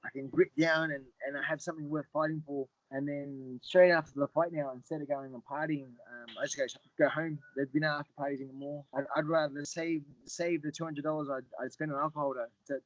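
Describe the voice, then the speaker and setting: A middle-aged man telling stories as a podcast guest, often repeating words and getting animated when he quotes other people. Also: on the high side, fast, few pauses, dry recording, muffled recording. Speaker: guest, Muay Thai fighter. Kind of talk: casual storytelling interview.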